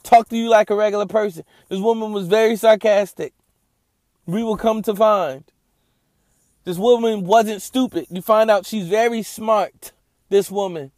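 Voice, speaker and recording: A man's voice: sits high, steady tone, normal speed, a little mellow, no echo, studio quality. A man hosting his own Bible study show, reading scripture and preaching with passion and sarcasm.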